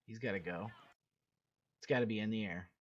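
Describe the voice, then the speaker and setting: A man's voice: fairly low pitch, brisk. A man coaching his team through game footage, talking bluntly and casually, repeating himself and swearing now and then. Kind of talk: casual game film breakdown. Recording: dull lo-fi recording.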